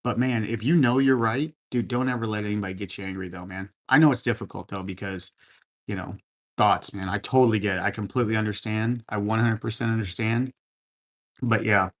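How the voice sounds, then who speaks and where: A man with a voice on the low side talks a little fast while hosting a laid-back livestream from a room at home crowded with racing gear. He reads viewer comments aloud and encourages people in reply, often calling them man and brother.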